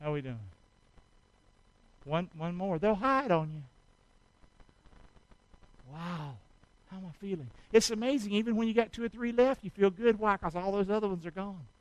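A man's voice: high-pitched, lively intonation, normal speed, long pauses, no echo, rough recording. A man preaching a sermon in church, exhorting and calling on the congregation to answer back while he works through a demonstration. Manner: exhorting, calls for congregation response; out of breath from effort. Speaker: pastor.

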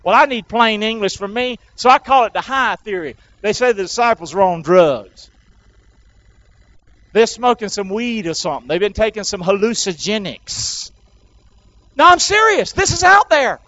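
A man's voice: sits high, normal speed, fairly bright tone, dry recording, highs cut off. A man preaching an Easter sermon, urging the congregation to repeat after him. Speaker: pastor.

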